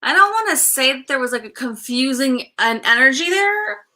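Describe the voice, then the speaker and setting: A woman giving a casual spirit reading as a medium, halting and full of fillers, frank and breaking into laughs. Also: high voice, expressive, pushed and bright. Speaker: psychic medium.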